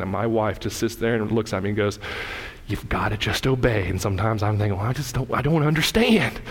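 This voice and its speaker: A man in his thirties delivers a sermon, talking straight to his congregation. He tells family stories with animated energy, his voice climbing higher and louder. A long church-hall reverb trails each phrase. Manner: animated storytelling, rising loud and high in anecdotes. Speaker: pastor. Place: church sanctuary.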